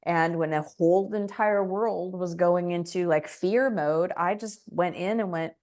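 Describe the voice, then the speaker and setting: A woman in her fifties, a spiritual teacher chatting as an interview guest and telling lively stories with little acted-out voices. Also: lowish voice, measured pace, hardly any pauses. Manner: animated storyteller, acts out quoted voices. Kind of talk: casual interview chat.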